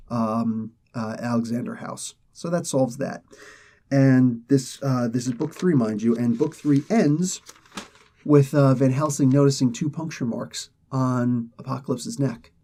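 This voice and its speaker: Male comic-show host, casual excitable recap, husky tone, mellow timbre. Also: mid-range voice, unhurried. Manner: excitable storyteller, many fillers and restarts. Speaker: comic book reviewer, host.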